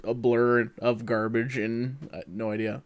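A man's voice: mid-range voice, flat delivery, a little slow, dry recording, clean studio sound. A man co-hosting a podcast in casual chat, reading out listener questions and answering in a laid-back way.

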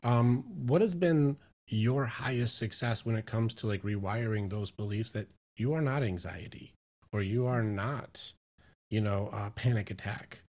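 Animated man telling a story. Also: fairly low pitch, measured pace. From Michigan, US. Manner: animated storyteller, acts out his own inner voice. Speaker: podcast guest, mindset coach. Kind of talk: casual interview chat.

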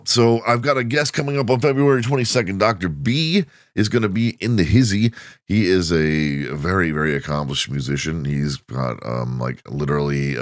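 A male podcast host with a very low voice, rambling through a crude, joking monologue. The recording is dry and close. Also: no echo. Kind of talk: casual comedic monologue.

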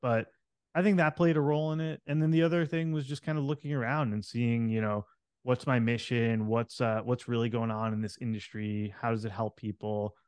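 A man's voice: medium pitch, fairly even intonation, a little fast, a little mellow, smooth, no echo. Candid man telling a story, dry sound. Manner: candid, reflective, with many fillers. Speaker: podcast host. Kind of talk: personal storytelling in conversation.

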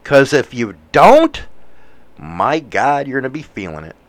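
A man in his forties with a Chicago accent, rambling through news with profane, animated asides. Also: medium pitch, a little slow, no echo. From United States. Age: 40s. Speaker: commentator reading news. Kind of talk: casual commentary.

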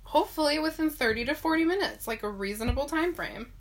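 A woman's voice: high voice, animated, quick pace. A woman co-hosting a casual podcast chat, laughing easily and recapping at length, a little sniffly after a sneeze. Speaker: podcast co-host.

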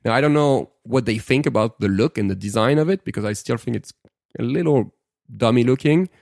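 A man co-hosting a tech podcast chats in a relaxed way, telling anecdotes and often restarting his sentences. His voice sits at a medium pitch for a man. The recording is dry and close, with no room sound. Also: brisk, vocal fry, no echo. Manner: anecdotal storytelling with many restarts. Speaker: podcast co-host. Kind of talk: casual tech podcast chat.

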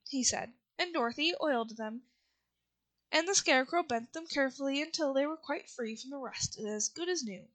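A woman reading a children's novel aloud in a steady, unhurried way, with small slips now and then. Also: high-pitched. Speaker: reader.

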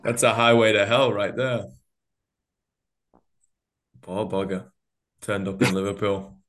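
Host: low-voiced Manchester man, casual and slangy, quick to laugh. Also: fairly even intonation, a bit bright, slight background noise. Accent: Northern English, Manchester. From Northern England. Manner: chatty, slangy, laughs often. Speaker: podcast host. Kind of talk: casual conversation.

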